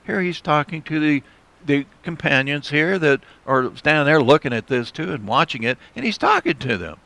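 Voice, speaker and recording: A man's voice: fairly high pitch, very animated, moderate pace, creaky, bright, forceful tone. Male Bible teacher explaining verses. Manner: explanatory, conversational, restates verses in plain words.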